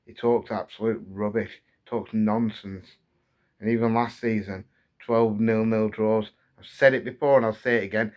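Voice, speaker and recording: Heated English football fan ranting. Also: male voice, on the low side, steady tone, moderate pace, a little mellow, muffled recording. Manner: heated, repetitive, building frustration. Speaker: football fan channel host. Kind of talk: angry fan rant to camera.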